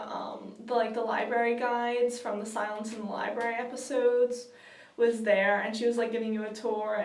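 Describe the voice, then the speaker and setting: A young woman vlogger telling a story in a giggly, gushing way, full of fillers. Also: a little high. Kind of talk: excited casual storytelling. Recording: roomy, distant from the mic.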